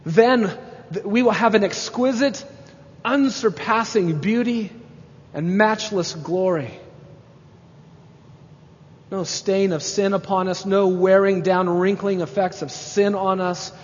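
A man's voice: high-pitched, slow, pauses often. A pastor preaching a sermon with emphasis, building to exclamations as he makes his points. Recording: dull sound with long hall reverb.

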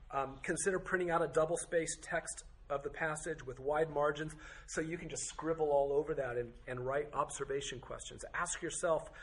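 A man teaching a Bible study class, firing off strings of rhetorical questions with occasional joking asides. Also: fairly high pitch. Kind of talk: teaching to a group.

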